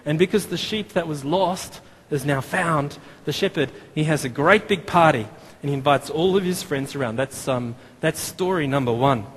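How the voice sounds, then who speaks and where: Australian male preacher, 30s, casual and self-deprecating, slightly high pitch, long church reverb. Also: moderate pace. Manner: chatty and self-deprecating, with many fillers and restarts. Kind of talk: sermon. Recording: long hall reverb, faint room noise.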